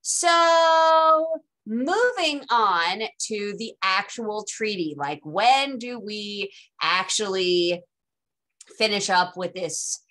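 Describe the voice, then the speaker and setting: A woman's voice: medium pitch, expressive, extremely slow, sharp tone. A woman teaching a casual live online lecture, talking informally and chattily with dry, sarcastic asides.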